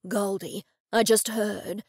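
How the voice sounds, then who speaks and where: A woman narrator puts on a steady, protective male detective in an audiobook. He speaks hesitantly and earnestly, with a slightly gravelly texture. The sound is dry and close. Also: mid-range voice, slow pace, dry recording. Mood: tender.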